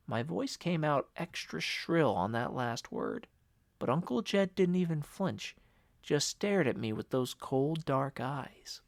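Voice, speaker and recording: A man's voice: a little high, very animated, slow, vocal fry, no echo, studio quality. A man narrating an audiobook in the first person, emotional and upset.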